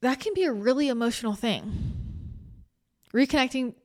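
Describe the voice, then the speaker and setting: A woman's voice: high voice, animated, normal speed. A woman hosting a spiritual podcast, talking in a chatty, rambling way with many restarts, emotional and close to tears. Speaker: spiritual channel and podcast host. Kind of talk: casual spiritual talk.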